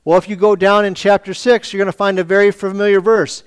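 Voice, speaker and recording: A pastor with a high, clear, resonant voice delivers a sermon, asking rhetorical questions, reading scripture aloud, and acting out the voices of the people. His delivery is flat and fast, with hardly any pauses.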